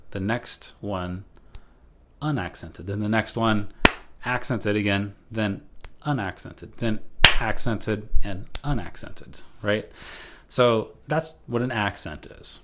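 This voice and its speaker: A man's voice: fairly low pitch, slow, very noisy. A man teaching a recorded music lesson over slides, casual and patient, often checking in with "right?".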